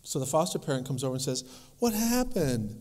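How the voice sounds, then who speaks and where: A man lecturing at a conference, telling anecdotes in a lively way and acting out the voices of the people in his stories. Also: mid-range voice, rapid-fire, big-room sound. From North Dakota.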